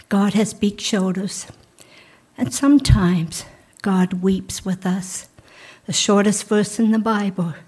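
A middle-aged woman pastor giving a sermon in a church, speaking slowly and softly, sometimes dropping almost to a whisper. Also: mid-range voice, breathy edge. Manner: slow, soft, drops into near-whispers on key lines.

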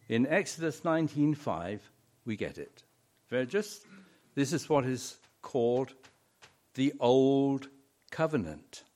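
Slow, lively-voiced man preaching a sermon. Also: medium pitch. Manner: storytelling with wry humor and emphatic repetition.

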